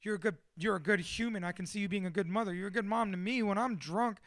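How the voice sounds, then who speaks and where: Guy in his 30s swearing nonstop while he rambles about his life, really high bright voice, dry close sound. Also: fast talker, no echo. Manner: profane, rambling and self-deprecating. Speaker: motivational speaker. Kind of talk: candid personal monologue.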